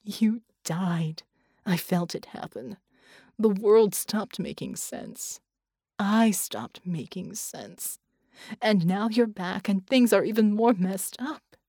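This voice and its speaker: A fierce young woman fighter, snarling and then sinking into choked whispers, as a woman reading an audiobook puts her on. The tone is dry and close, with no room around it. She speaks slowly and takes her time with each line. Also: medium pitch, animated, warm tone, no echo. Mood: anguished.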